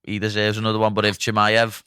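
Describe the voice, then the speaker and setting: A man's voice: fairly low pitch, monotone, fast, sharp tone, smooth, no echo, studio quality. A young man with a Liverpool accent hosting a podcast, chatting bluntly with plenty of swearing. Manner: blunt, sweary, laughing banter. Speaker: podcast host. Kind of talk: casual banter.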